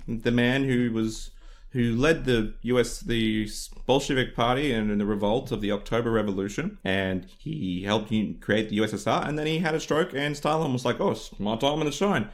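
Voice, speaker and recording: A mid-pitched man bantering on a podcast, argumentative and emphatic. He swears freely and pushes his points with bursts of energy. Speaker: podcast co-host. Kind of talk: casual banter.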